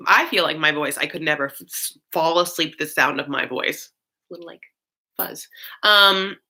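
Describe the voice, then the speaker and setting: A woman hosting a casual chat, talking loosely with many fillers and swinging between high and low. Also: bright, forceful tone. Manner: chatty, swoops high and low, frequent fillers; campy, calls listeners honey. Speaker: host.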